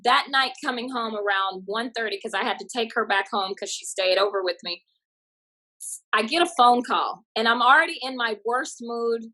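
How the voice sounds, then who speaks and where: A woman comedian from a small Texas town tells her stories with plenty of bounce. Her voice sits a little high and rings bright and forceful. She slips into the voices of the people she quotes as she goes. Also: moderate pace, low-quality recording. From Tatum, Texas. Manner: lively, acts out quotes in bursts. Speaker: comedian and guest. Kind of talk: animated storytelling.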